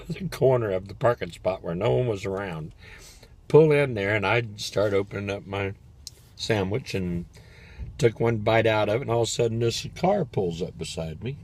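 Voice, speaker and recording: A man's voice: lowish voice, a little mellow, slight background noise. An older man casually telling a rambling personal story as a vlogger, sitting in his parked car, chatty and laughing as he talks. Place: parked car in a parking lot.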